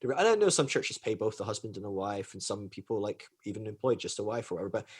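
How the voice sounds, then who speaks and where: Guy hosting a family chat, slightly husky voice, laughs a lot while telling stories. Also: fairly low pitch, animated, fast talker. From United Kingdom. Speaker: podcast host.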